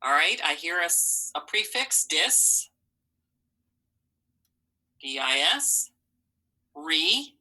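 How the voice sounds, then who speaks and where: A woman teaching a phonics lesson to young children, slowly sounding out letters and syllables with encouraging praise. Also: low voice, sing-song, sharp tone, slightly rough, low-quality recording.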